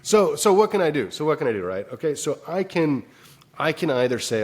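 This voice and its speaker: A man's voice: on the high side, big pitch swings, fairly quick, slightly rough. A man as a guest psychologist in an interview, telling a personal story and acting out his own inner dialogue, with loose phrasing and many fillers. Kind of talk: conversational explanation.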